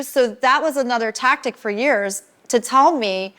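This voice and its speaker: Middle-aged woman, podcast guest, fairly high voice, animated casual storytelling, acts out other people's lines. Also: measured pace.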